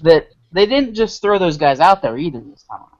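Male podcast co-host, steady explainer, lo-fi audio. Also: a little high. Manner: measured, adds points, many fillers. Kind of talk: casual chat. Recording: muffled lo-fi audio.

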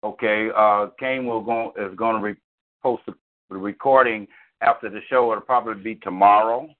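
A man hosting a call-in show in relaxed, slangy casual chat, often repeating his phrases. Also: on the low side, normal speed. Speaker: show host. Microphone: phone. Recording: tinny phone line.

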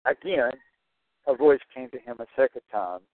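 A man's voice: mid-range voice, animated, normal speed, no echo. A man teaching through a Bible passage verse by verse, stressing and repeating his key points. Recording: tinny phone-like dry sound.

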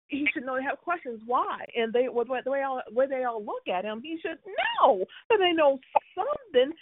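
A woman's voice: a little high, no room sound. A woman co-hosting a casual chat, talking emphatically and with exasperation, often restarting her sentences. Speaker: podcast co-host discussing a soap opera. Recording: tinny phone-like sound.

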